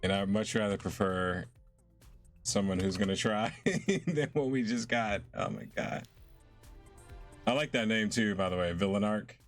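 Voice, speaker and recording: Young male streamer, low and easygoing, chatty with lots of laughs, game music faint underneath. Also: unhurried, pauses often. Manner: relaxed, chatty, laughs often. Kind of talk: casual live-stream chat while gaming.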